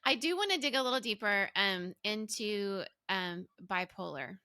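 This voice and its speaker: A woman's voice: mid-range voice, animated, moderate pace, bright, forceful tone, dry recording, clean studio sound. A woman hosting a podcast interview, asking long, careful questions and affirming her guest. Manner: affirming listener, asks long thoughtful questions. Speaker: podcast host. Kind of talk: conversational interview.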